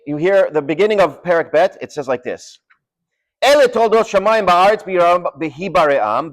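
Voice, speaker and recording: A man delivering a sermon as a rabbi, telling stories with dramatic drops to a near hush. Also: high voice. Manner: animated storytelling with dramatic drops in volume. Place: synagogue study hall.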